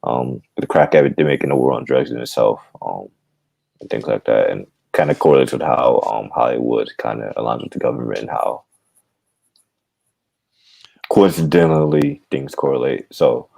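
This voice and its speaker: A man with a very deep voice and a gravelly rasp. He is a podcast guest talking in a rambling, digressive way. His tone is dark and relaxed, close-miked in a dry room. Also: normal speed, no echo. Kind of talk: casual chat.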